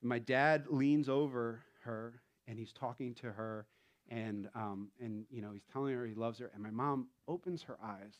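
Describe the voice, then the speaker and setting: A man in his thirties preaching a sermon in a relaxed, conversational way, telling stories with light laughter. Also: mid-range voice, normal speed. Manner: conversational, animated storytelling with laughs. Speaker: pastor.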